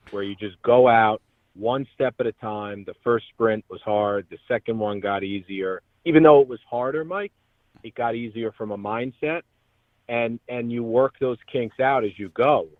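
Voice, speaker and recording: A man's voice: medium pitch, unhurried, no room sound. Earnest man on a tinny phone line. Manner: earnest, motivational. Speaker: guest. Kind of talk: motivational radio interview talk.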